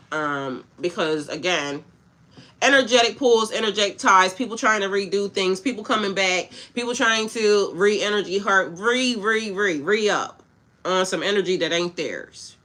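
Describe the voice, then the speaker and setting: A woman hosts a spiritual reading stream, talking bluntly and casually to her viewers. Her voice has a bright, sharp edge, and she mixes slang with pep-talk advice. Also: mid-range voice, normal speed. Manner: casual, blunt, slangy, talks back to chat. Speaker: spiritual coach. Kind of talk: livestream tarot-style reading with chat.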